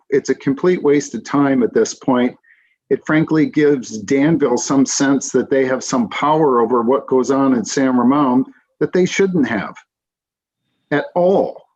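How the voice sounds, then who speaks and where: The council member's mid-range voice has a darkish tone and a breathy edge. Speaking bluntly and dryly at the meeting, he keeps stalling and starting over with fillers, on slightly dull, lo-fi audio.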